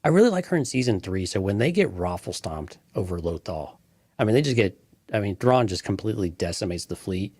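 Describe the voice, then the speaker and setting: A man's voice: on the low side, animated, brisk, darkish tone, no room sound. A man co-hosting a fan podcast, speaking in an earnest, thoughtful way with some restarts. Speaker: podcast co-host. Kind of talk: casual fan podcast chat.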